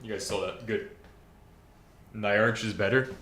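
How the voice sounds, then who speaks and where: A man's voice: on the low side, steady tone, measured pace, a bit bright, slight background noise. A man casually chatting on a live stream, joking around and reading viewer comments aloud while he builds a server. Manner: joking, rambling, reads chat aloud.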